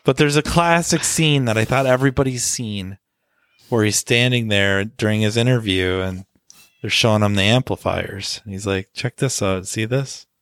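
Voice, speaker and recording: Man, low voice, casual rambling podcast talk, dry close sound. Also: normal speed, a bit bright, smooth, no echo. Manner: rambling, many "you know" fillers. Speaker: podcast co-host on the auto repair trade. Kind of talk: casual discussion.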